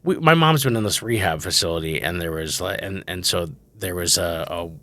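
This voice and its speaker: A man's voice: low voice, fairly quick. A man in his thirties hosting a podcast, chatting casually and telling comic stories, acting out the voices of the people he quotes. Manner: animated storyteller, acts out quotes. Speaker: podcast host. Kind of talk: casual comedic chat.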